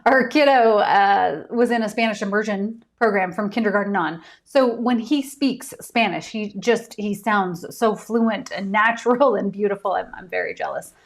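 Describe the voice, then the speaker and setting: An author hosting a casual live stream from home, chatty and giggly with many ums. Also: female voice, mid-range voice, moderate pace, hardly any pauses.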